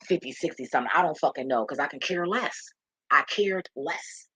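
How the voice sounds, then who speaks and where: A woman's voice: low voice, animated, a little fast, sharp tone, slightly rough, no room sound. A woman vlogger telling a story in a blunt, heated, profane rant.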